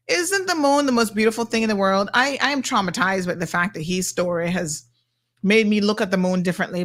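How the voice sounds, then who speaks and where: A woman's voice: medium pitch, a bit bright. A middle-aged woman hosting a talk show, blunt and sassy as she reacts to viewer comments.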